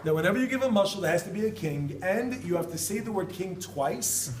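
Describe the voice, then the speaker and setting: A male rabbi speaking in a high, lively voice, joking and repeating key phrases to drive them home. He sounds distant from the mic, his voice bouncing around an echoey room over clear background noise. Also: brisk. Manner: animated, jokey, repeats phrases for emphasis. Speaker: rabbi teaching students. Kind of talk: informal Torah talk.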